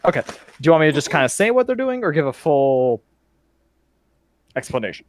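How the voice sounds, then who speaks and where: A man's voice: fairly high pitch, big pitch swings, fairly quick, no echo. Rambling, casual male game master. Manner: casual and meandering, full of fillers and "such like that". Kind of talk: narrating a tabletop game over voice chat.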